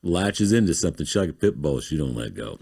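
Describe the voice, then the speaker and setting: A man with an extremely low, gravelly voice and a husky edge. He talks as a podcast guest in a loose, chatty way and draws out his words to play up the depth. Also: big pitch swings, fast, warm tone. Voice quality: very deep gravelly voice. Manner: drawling, plays up the low voice. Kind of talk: casual chat.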